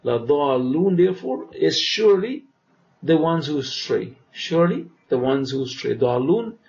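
Gravelly man teaching vocabulary, lo-fi. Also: medium pitch, a little mellow. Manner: repeats each word slowly, then explains; asks "right?" to check understanding. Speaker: Arabic teacher. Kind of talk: vocabulary lesson. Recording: dull lo-fi recording.

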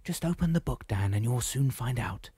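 A man puts on a frail old woman guide with a raised, soft and slightly distant voice. She is cryptic and quiet, read in a dry audiobook recording. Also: mid-range voice, animated, normal speed, breathy edge, dry recording, voice pushed up. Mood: gentle cryptic.

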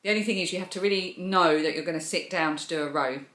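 A woman hosts a crochet and knitting channel, chatting enthusiastically about her projects in a casual show-and-tell vlog. Her voice is fairly low and fairly bright, and she talks quickly. The room is echoey.

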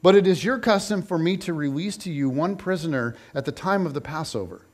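A man's voice: on the high side, lively intonation, fairly quick. A man voicing an uneasy male governor who questions a prisoner, as part of a scripture reading. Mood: questioning.

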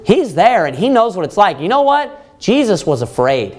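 A man, a pastor, preaching a Bible study sermon, reading verses slowly and then explaining them in plain words, rising in force to stress his points. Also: big pitch swings, darkish tone, soft background music. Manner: rises in pitch and force when stressing points.

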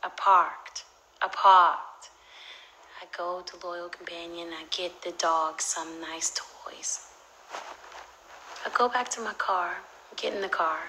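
A young woman telling a story on a phone livestream, animated and profane, swinging between loud outbursts and whispered asides. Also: lowish voice, slow pace, a little hiss or hum, poor audio. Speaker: social media personality on a livestream.

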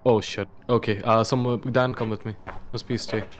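A man chatting while gaming, giving hurried orders to his team and swearing now and then. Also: lowish voice, fairly even intonation. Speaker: gamer giving team directions. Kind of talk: casual gaming chat.

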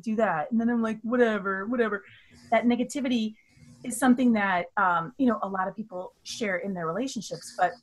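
Husky-voiced middle-aged woman chatting. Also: on the high side. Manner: chatty, laughing storyteller. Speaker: guest, mother of co-guest. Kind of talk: casual chat.

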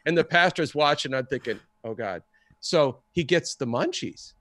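A man telling a story in a casual, excitable way and acting out the people he quotes. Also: fairly high pitch, normal speed, no room sound. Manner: animated, acts out the people he quotes. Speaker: guest storyteller.

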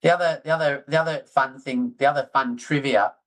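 A middle-aged man, talking excitedly as a guest in a casual interview. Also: mid-range voice, fairly quick, low-quality recording. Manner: excitable, animated storyteller, self-deprecating. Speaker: guest orthodontist.

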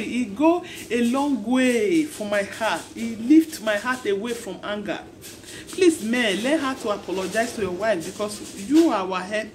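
A woman's voice: a little high, lively intonation, normal speed, slight background noise. A woman with a Nigerian accent giving marriage advice in an impassioned, repetitive, pleading monologue.

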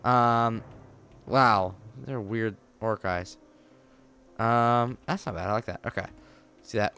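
A man's voice: on the low side, slow, long pauses, pushed and bright, clear, resonant tone. A man giving casual, playful commentary while playing a video game, joking around and making up silly stories as he goes. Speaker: let's play gamer.

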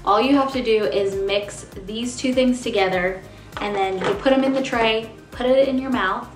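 A woman's voice: on the high side, normal speed, reverberant, over music. A young woman with a slight lisp, chatting upbeat to her viewers in a sponsored product review. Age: young adult. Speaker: beauty vlogger.

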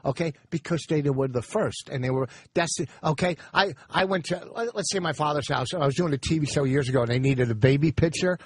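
A man telling a rambling, rushed story as a comedian guest on a radio show. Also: fairly high pitch, breathy edge.

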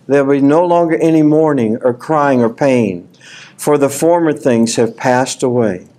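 A man preaching a sermon at a conference, folksy and animated, reading scripture aloud and rising to shouts. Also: mid-range voice, moderate pace. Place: conference hall.

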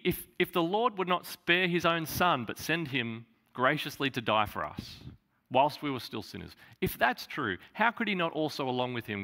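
A man's voice: mid-range voice, sharp tone. A man preaching a sermon in an earnest way, repeating phrases for emphasis. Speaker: pastor.

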